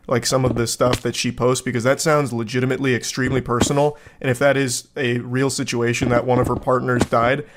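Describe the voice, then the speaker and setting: A man's voice: mid-range voice, noisy background. A man doing reaction commentary while reading out text messages, incredulous and mocking, with a profane way of talking and a voice that cracks when he is exasperated.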